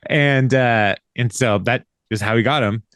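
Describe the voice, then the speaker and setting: A man's voice: mid-range voice, unhurried, a bit bright, dry recording, studio quality. A man hosting a podcast, casually recapping an episode with a rambling manner, laughing often and acting out the characters' lines. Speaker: podcast host.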